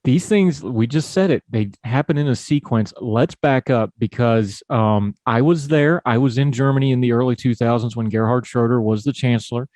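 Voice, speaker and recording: A man's voice: mid-range voice, moderate pace, few pauses, a little mellow, no room sound, clean studio sound. A man with a Southern US hillbilly accent hosting a podcast, talking politics in a folksy, conversational way. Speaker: podcast host. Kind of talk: casual political talk.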